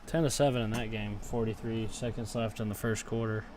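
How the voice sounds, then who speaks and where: A man's voice: on the low side, level tone, a little fast, noisy background. A young man reacting live to a football game, grumbling and cursing at his team and then erupting into cheers on big plays. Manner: frustrated, swears, talks back to chat.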